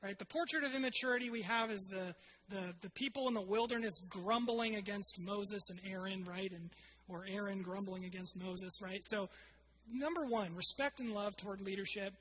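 A woman's voice: mid-range voice, normal speed, fairly bright tone, a little hiss or hum, poor audio. A woman preaching a sermon to her congregation in a conversational way, with fillers and restarts.

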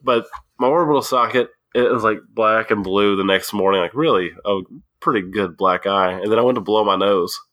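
A man's voice: lowish voice, fairly quick, fairly bright tone, no room sound. A man co-hosting a podcast in casual chat, telling stories and tossing in dry quips. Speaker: podcast co-host.

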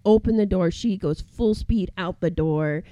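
Woman podcast co-host, chatty film recapper, dark low voice, dry close sound. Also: unhurried, no room sound, muffled recording. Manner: animated storyteller who acts out characters in quotes, many "like" fillers. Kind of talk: casual chat recapping a film.

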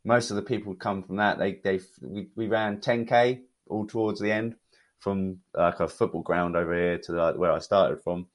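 British man, lowish voice, relaxed, chatty podcast guest. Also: normal speed. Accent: British English. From United Kingdom. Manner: relaxed, chatty, many fillers. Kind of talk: casual conversational storytelling.

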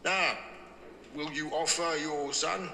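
An actor playing a crude, menacing male boxing promoter with a gravelly, theatrical voice, from a TV drama clip. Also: a little high, fairly even intonation, takes it slowly, pushed and bright, slight background noise, heavily acted. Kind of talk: TV drama acting. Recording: echoey, roomy clip with faint ambience.

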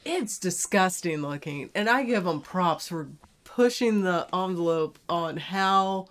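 A woman in casual chat as a podcast co-host, gushing and quick to laugh. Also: on the low side, expressive. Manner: slow, gushing, laughs easily.

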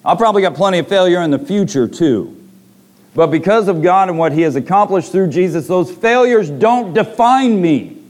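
A man's voice: high voice, expressive, normal speed, a little mellow. A man preaching a sermon to a congregation, reading scripture and retelling stories with dramatic voiced quotes.

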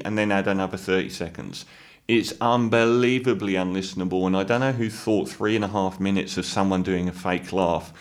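A man with a somewhat low voice talks through his review of an album. He is blunt and opinionated, and he often stops to restart a sentence or fill a gap with an "um.". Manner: opinionated, hesitant with many fillers and restarts. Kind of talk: spoken music review.

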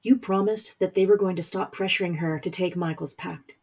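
A woman voicing a tense young man who keeps his voice to a low growl. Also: fairly even intonation, brisk, darkish tone, husky. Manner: low, growled, gritted delivery.

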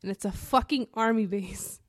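A woman co-hosting a podcast, telling a story in a casual, profane, animated way. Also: mid-range voice, normal speed, no echo. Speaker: podcast co-host.

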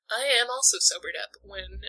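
Young woman, comedy podcast co-host, bright voice, sassy dry comic timing. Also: mid-range voice, normal speed, low-quality recording. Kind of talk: casual comedic chat.

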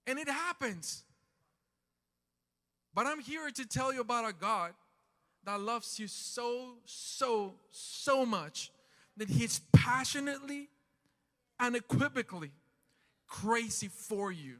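A man preaching a sermon in a church, impassioned, swinging from loud calls to quiet talk. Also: very high-pitched, lively intonation, takes it slowly, pauses often, long reverb tail. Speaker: pastor. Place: church sanctuary.

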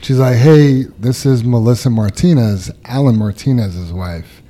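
A man hosting a casual workplace podcast, reading out anniversaries and birthdays and telling stories in a relaxed way. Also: mid-range voice, a little slow. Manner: relaxed, reads out announcements. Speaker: podcast host.

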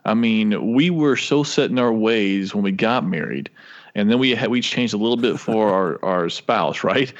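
Heartfelt man on a slightly dull recording. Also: medium pitch. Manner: heartfelt, emotional reflection. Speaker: podcast co-host. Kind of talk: casual faith discussion.

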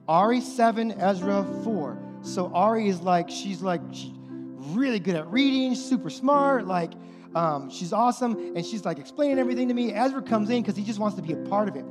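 A man's voice: high voice, expressive, normal speed. A man in his thirties preaching a sermon to parents, casual and conversational, often repeating his phrases. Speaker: pastor. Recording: long hall reverb with loud music underneath.

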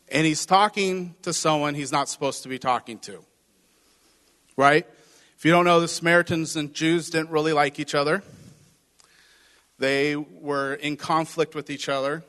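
Pastor with a slightly high voice, in a hall. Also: male voice, fairly bright tone. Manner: conversational, explaining scripture with acted asides. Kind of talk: sermon. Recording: hall reverb.

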